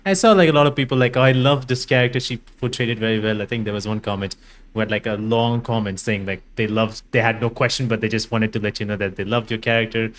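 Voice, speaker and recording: A man hosting a podcast interview, asking questions in a halting way, often repeating and rephrasing himself. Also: fairly low pitch. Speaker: podcast host.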